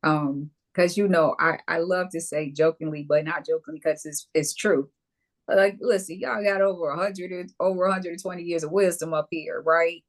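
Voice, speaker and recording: Woman, talk-show co-host, lowish voice, casual chat, emphatic, playful asides.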